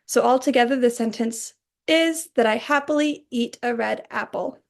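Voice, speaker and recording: A young woman delivers a recorded class presentation in a clear, explanatory way. Her voice sits a little high and carries a gravelly edge. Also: normal speed. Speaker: student presenter.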